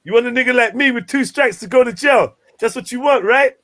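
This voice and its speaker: A man's voice: extremely high pitch, a little fast, fairly bright tone, pitched above the performer's own voice. A man putting on an American accent to voice a menacing street tough who taunts someone. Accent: American, put on. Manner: confrontational, taunting.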